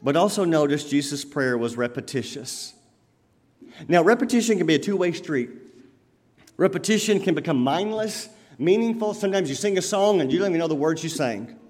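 A man preaching a sermon as pastor, swinging between loud emphatic lines and quiet lowered ones. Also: animated, fairly quick, long reverb tail.

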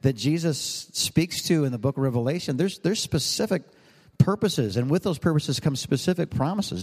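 A middle-aged male pastor preaching a sermon in a relaxed, joking, rambling way, with asides to the congregation. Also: medium pitch, normal speed. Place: large church hall. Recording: long hall reverb.

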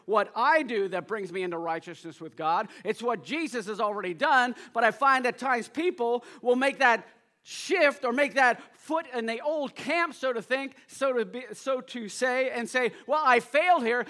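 A male pastor preaching a sermon to a live congregation, energetic and urging the listeners to respond, swinging between loud emphasis and quiet asides. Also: extremely high pitch. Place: church service before a congregation.

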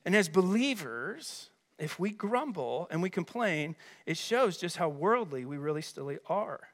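A man preaching a sermon as a pastor, energetic and emphatic, with chatty rhetorical asides. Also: sits high, unhurried. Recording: long hall reverb.

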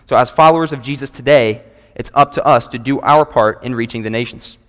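A man delivers an earnest sermon to his congregation in a church sanctuary, pausing to read scripture aloud in a steady, measured way. His mid-range voice rings out with the long reverb of a large church hall.

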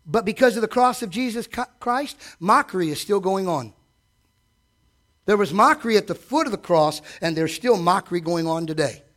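A man preaching a sermon from a church stage, animated, asking the congregation direct questions and acting out quotes. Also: high-pitched, normal speed. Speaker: pastor.

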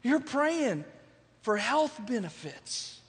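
A man with a high voice preaches a Sunday sermon in a casual, repetitive style, asking the room "right?" again and again. His words ring out with a long reverb through a big church sanctuary. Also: big pitch swings, takes it slowly, husky. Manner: repetitive, rhetorical, conversational preaching with frequent "right?". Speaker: pastor. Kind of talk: sermon to a live congregation.

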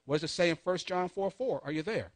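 A man preaching a sermon, calling on the congregation to answer back, swinging between soft asides and loud emphatic peaks. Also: high voice, fast talker. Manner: call-and-response preaching, urging the congregation. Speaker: pastor.

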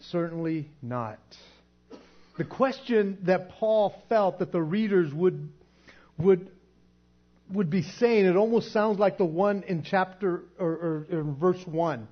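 A man with a fairly high voice leads a casual Bible teaching, talking it through conversationally and stumbling over repeated words. The recording is dull and lo-fi. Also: slow pace. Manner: conversational, repeats words, laughs at his own points.

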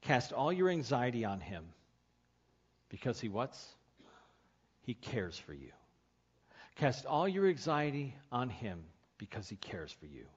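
A husky-voiced male pastor delivers a sermon. His voice rises from soft, near-whispered stretches into fervent, pleading peaks. The recording sounds dull and lo-fi. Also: mid-range voice. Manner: impassioned, swells from hushed to pleading.

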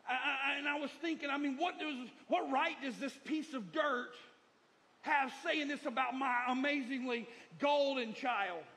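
High-pitched guy preaching, middle-aged pastor, keeps hammering the same line over and over. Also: normal speed, pushed and bright. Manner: repetitive, emphatic preaching with storytelling. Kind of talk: sermon.

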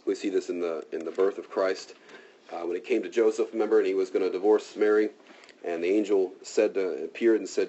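A male preacher gives a relaxed, conversational sermon and often checks in with "right?" His voice is low, mellow and husky. The recording sounds muffled and lo-fi. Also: a little fast. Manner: casual and talky, asks "right?". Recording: dull lo-fi recording.

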